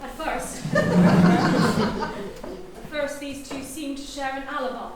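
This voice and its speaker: A woman's voice: high voice, heavy background noise. A woman playing a confident young detective who lays out the crime on a live stage, heard from far off in an echoey theatre. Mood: explaining. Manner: theatrical, deliberate explaining. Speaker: amateur sleuth revealing the killer.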